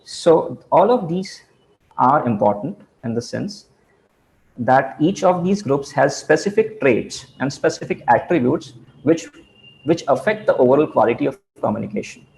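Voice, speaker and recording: Gravelly man giving a slide lecture. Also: fairly high pitch, expressive, a little mellow, low-quality recording. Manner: halting, with many fillers and restarts. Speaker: presenter.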